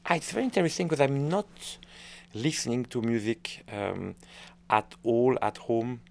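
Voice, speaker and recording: A man's voice: mid-range voice, moderate pace, creaky. A middle-aged French man with a French accent, a conductor answering interview questions, hesitant and searching for words with frequent restarts. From France.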